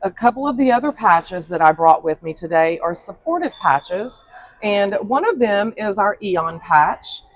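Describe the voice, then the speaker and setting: Woman, company rep, mid-pitch voice, upbeat and explanatory. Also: lively intonation, measured pace. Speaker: company representative. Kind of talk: product pitch interview.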